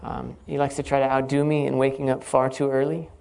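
A Bible teacher gives an earnest, reflective sermon, working through the text line by line in a thoughtful teaching tone. His middle-pitched voice carries a noticeable gravelly fry and a darkish color. The delivery is flat and a little fast.

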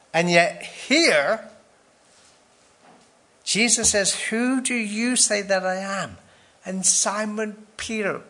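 A man preaching an expository sermon, emphatic and full of rhetorical questions and dramatic pauses. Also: fairly high pitch, fairly bright tone.

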